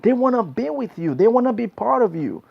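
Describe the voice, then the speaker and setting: A man's very high, sing-song voice, brisk, creaky, and a little breathy, carries a casual monologue of blunt relationship advice. Preachy and repetitive, he tacks "man" onto many lines. The recording sounds dull and lo-fi.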